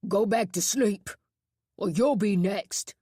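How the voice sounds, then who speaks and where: A woman voicing a brutal, coarse male reformatory guard who speaks in a low, threatening drawl. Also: measured pace, a little mellow, husky, no room sound, clean studio sound, exaggerated voice. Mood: shouting.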